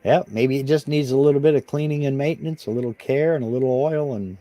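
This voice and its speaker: A man's voice: medium pitch, fast, mellow, dry recording. Man, friend on the stream, casual chat, easygoing, dry jokes. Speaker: friend keeping the host company.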